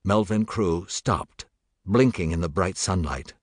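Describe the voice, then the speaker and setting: A man narrating a thriller audiobook in a measured, steady voice. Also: deep voice, slightly rough, no room sound, studio quality.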